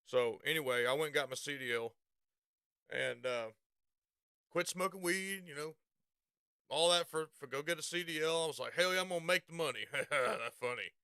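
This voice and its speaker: A man's voice: fairly high pitch, moderate pace, long pauses, bright, forceful tone, smooth, no echo, clean studio sound. A man with a Southern US accent telling a rambling, profane story and laughing at himself. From Southern United States. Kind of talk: casual storytelling.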